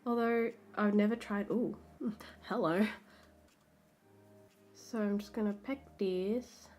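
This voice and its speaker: A woman's voice: mid-range voice, steady tone, slow. An Australian woman, a makeup artist, chatting through a makeup tutorial step by step as she works. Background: soft background music.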